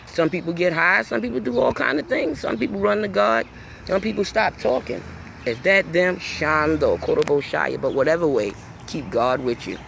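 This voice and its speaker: A woman's voice: on the low side, moderate pace, gravelly, slight background noise. A middle-aged woman hosting her own show, talking in a rambling, emphatic, folksy way in a casual vlog. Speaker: talk show host.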